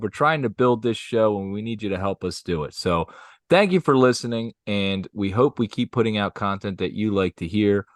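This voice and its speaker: A young man co-hosting a casual podcast, easygoing and quick to laugh, often restarting his sentences. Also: on the low side, dry recording, studio quality. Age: young adult. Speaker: podcast co-host.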